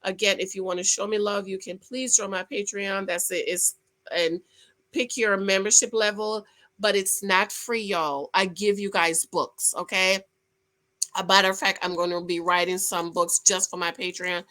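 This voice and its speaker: A woman giving a sassy, animated recap of a reality TV episode, talking straight to her viewers. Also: mid-range voice, normal speed. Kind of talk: casual recap commentary.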